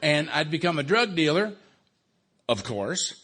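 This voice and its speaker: Older man, wry dark-humored storyteller. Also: on the high side, big pitch swings, a little slow, breathy edge. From Los Angeles, USA. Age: 60s. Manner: wry, conversational storytelling with dark humor and frequent "right?" tags; drops to a quiet, subdued delivery for grave memories. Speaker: AA speaker. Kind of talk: recovery talk to a live audience.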